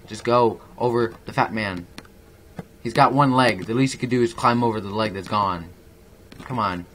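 A young man with a fairly low voice talks through a video game in casual, rambling commentary. He mocks himself and breaks into excitable bursts. A faint hiss sits under the recording. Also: moderate pace. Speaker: gaming YouTuber.

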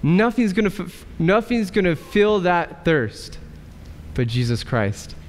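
A male pastor preaching a sermon in a church, asking rhetorical questions and pausing for effect. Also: high-pitched, very animated. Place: church sanctuary. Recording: church hall reverb.

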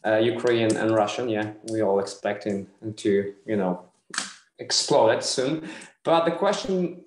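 Polish man, polish accent, halting speech, echoey room on a video call. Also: fairly low pitch, a little hiss or hum. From Poland. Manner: halting, searching for words. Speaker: actor asking a question.

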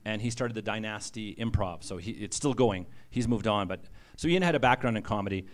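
A middle-aged man, an author, giving a humorous storytelling talk to writers, animated and self-deprecating, laughing at his own jokes. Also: on the low side, brisk. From Canada.

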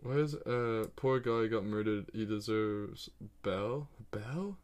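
Male streamer, lowish voice, excitable casual chat with loose swearing, keyboard typing behind. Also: takes it slowly. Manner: excitable, talks to himself and chat, swears freely. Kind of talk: casual live-stream chat while playing a geography game.

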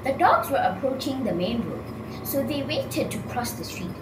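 A woman narrating a storybook series in an expressive manner. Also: high-pitched, normal speed. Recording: roomy sound with faint noise.

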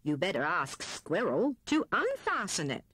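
A woman's voice: fairly low pitch, wildly swooping pitch, unhurried, fairly bright tone, breathy edge, dry recording, heavily acted. Woman doing an old hedgehog, kindly but grumbly, homely storybook voice. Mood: gruff. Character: kindly old male hedgehog, gruff and plain.

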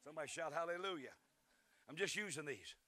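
A man preaching a revival sermon in a church, who climbs to shouting and calls for responses from the congregation. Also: a little high, expressive, fast, no echo. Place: church sanctuary.

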